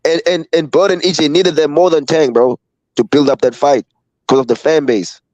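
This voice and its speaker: A man's voice: on the high side, fairly even intonation, moderate pace, a little mellow, no room sound, low-quality recording. A man in a casual debate, repeating his point and saying bro constantly. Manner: repetitive, says bro constantly.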